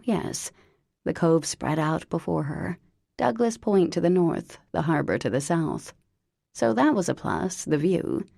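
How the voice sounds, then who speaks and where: A woman reading an audiobook in a wry, deadpan narrating manner. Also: on the low side, gravelly, no echo, studio quality.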